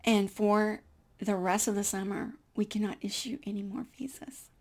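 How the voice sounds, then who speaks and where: A woman voicing a brusque Soviet consulate clerk who speaks in blunt, broken English, with a gravelly edge. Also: mid-range voice, fairly even intonation, moderate pace, close to an everyday voice.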